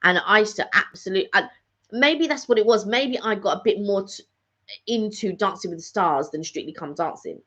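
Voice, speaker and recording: In a live catch-up vlog captured on dull lo-fi audio, a middle-aged woman chats casually, rambling and frequently repeating herself. Her mid-range voice is husky yet a bit bright, and she speaks at normal speed.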